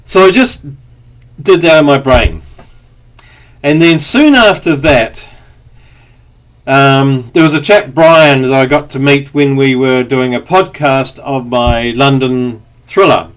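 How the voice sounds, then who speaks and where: A man's voice: mid-range voice, slow pace. A man, an author, talking in a rambling, chatty monologue, stopping now and then to cough. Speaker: author and speaker. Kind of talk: casual spoken monologue.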